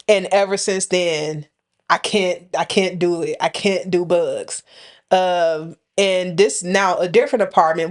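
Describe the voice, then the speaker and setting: A woman co-hosting a podcast, telling a story in a casual, dramatic way. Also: fairly low pitch. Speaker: podcast co-host.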